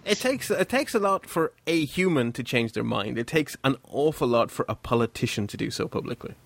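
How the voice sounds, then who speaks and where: A man's voice: medium pitch, a little fast, vocal fry, no room sound. Irish man hosting a tech panel. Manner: reads figures off in a steady, methodical run. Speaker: podcast host. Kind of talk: casual tech discussion.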